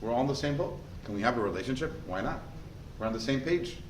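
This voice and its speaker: A man, a rabbi teaching a class, in a lively way, often asking the listeners questions. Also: medium pitch, quick pace. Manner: animated, asks the class rhetorical questions. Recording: echoey room with faint noise.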